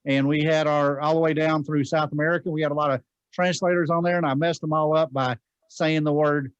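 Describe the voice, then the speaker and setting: A man's voice: fairly high pitch, little pitch movement, a little fast, smooth, no echo, lo-fi sound. A man with a Texan accent, a district leader, chatting casually and relaxedly on a video call.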